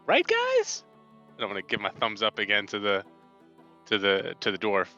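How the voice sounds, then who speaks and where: A man playing a tabletop game, animated and a bit stammering. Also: on the low side, fairly quick, highs cut off, faint music behind. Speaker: player.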